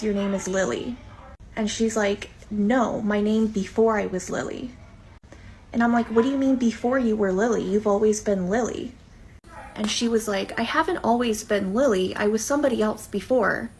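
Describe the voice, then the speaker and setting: A mother recounts an eerie moment in a brisk, matter-of-fact voice. A faint hiss sits under the recording. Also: medium pitch, low-quality recording. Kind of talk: casual storytelling.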